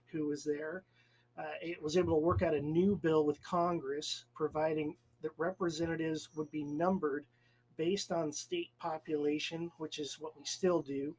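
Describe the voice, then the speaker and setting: A man's voice: on the high side, darkish tone, breathy edge, low-quality recording. A man co-hosting a podcast, casually explaining a history fact in a loose, rambling way with fillers. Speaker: podcast co-host.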